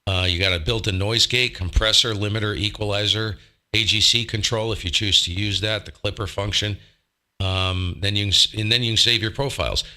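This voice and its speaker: A man's voice: lowish voice, fairly even intonation, brisk, bright, forceful tone. A man hosting a casual ham radio live stream at his desk mic, rambling and self-deprecating as he asks rhetorical questions. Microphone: desk microphone.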